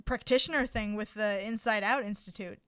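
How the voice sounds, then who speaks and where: Smooth-voiced woman interviewer, dry sound. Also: mid-range voice, a little fast, a bit bright, no room sound. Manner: hesitant, uses fillers while forming questions. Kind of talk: casual interview questions.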